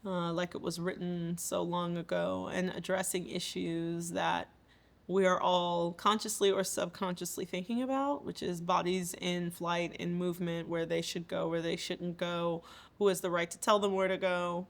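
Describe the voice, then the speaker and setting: Woman with a low gravelly voice. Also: steady tone, normal speed. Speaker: composer and theater maker. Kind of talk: reflective interview talk.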